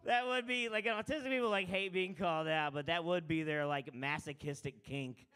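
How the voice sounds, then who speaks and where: A man's voice: high-pitched, lively intonation, a little fast, few pauses, pushed and bright, smooth. A man hosting an open mic comedy night, brash and crude, teasing the crowd between acts. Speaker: comedy show host. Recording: live mic in a bar room.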